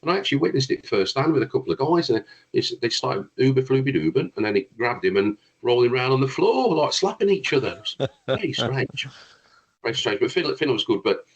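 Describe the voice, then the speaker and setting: A man's voice: medium pitch, sing-song, fast, slightly rough, dull audio. A man, a guest brass player, telling long rambling anecdotes in a casual chat, with frequent restarts.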